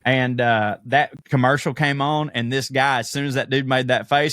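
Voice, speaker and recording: A man's voice: mid-range voice, fairly even intonation, normal speed, hardly any pauses, a bit bright, no room sound, studio quality. Profane man telling stories. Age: 30s. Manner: profane, storytelling, laughs often. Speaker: podcast co-host. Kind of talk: casual chat.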